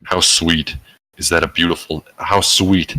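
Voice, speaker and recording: Smooth flirty tiger man, as a man reads him aloud. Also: sits low, steady tone, a little slow, bright, forceful tone, heavily acted, poor audio. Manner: casual read-aloud, barely changes his voice.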